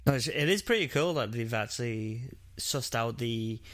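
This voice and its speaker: A man's voice: mid-range voice, expressive, moderate pace, a bit bright, no echo. A man co-hosting a casual true-crime podcast, reacting with short, jokey remarks. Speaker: podcast co-host.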